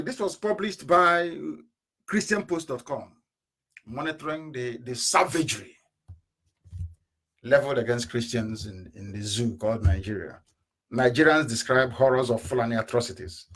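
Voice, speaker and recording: A man giving an impassioned political radio address, with rhetorical questions and sudden bursts of shouting. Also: mid-range voice, moderate pace, husky. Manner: fiery, rhetorical, mocking laughter, sudden shouts and drops. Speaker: radio broadcaster. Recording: live internet radio broadcast.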